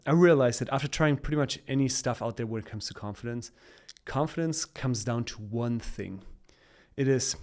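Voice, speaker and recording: A man talking as a podcast guest in a casual, upbeat way. He coaches more than he lectures, and his voice sits at an ordinary middle pitch. He laughs easily between points. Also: a little mellow.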